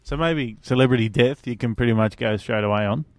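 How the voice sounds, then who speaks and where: A man's voice: mid-range voice, brisk, dry recording. A man hosting a breakfast radio show, chatting and joking easily with his co-hosts in the studio. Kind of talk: casual banter on breakfast radio. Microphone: studio microphone.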